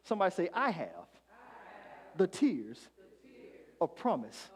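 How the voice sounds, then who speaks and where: A man preaching a sermon as pastor, calling on the congregation to answer back and swinging from hushed lines to shouts. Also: high voice, huge pitch swings, slow.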